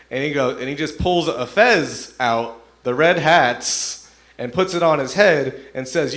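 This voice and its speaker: A young man performing a stand-up comedy set, telling stories in a relaxed way and acting out the voices of the people in them. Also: mid-range voice, moderate pace. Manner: laid-back storytelling, acts out voices of people in his stories.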